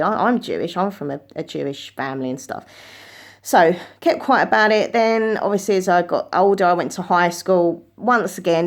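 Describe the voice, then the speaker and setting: A woman telling a personal story to camera, in an earnest, chatty way, often jumping up in pitch when she quotes herself.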